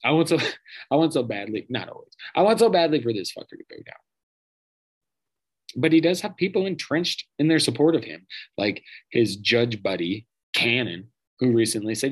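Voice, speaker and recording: A man hosts a podcast segment, ranting with open sarcasm and plenty of profanity. His voice is husky and a bit rough, and his pitch leaps around in an animated way. He mocks and jabs rather than reasoning calmly. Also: normal speed, rough recording. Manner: sarcastic, mocking, swears freely. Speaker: podcast host. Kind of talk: profane political rant.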